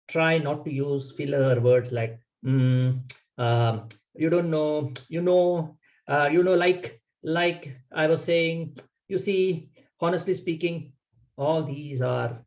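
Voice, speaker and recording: A man's voice: mid-range voice, a little mellow, low-quality recording. A man leads a public speaking workshop, talking in a mid-range voice. He coaches in short, emphatic instructions and leans on key words. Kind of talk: workshop lecture.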